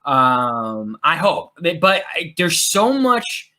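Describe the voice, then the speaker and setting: A man's voice: a little high, sing-song, takes it slowly, bright, forceful tone. A man co-hosting a casual podcast chat, joking and cursing freely. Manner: profane, joking. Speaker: podcast co-host.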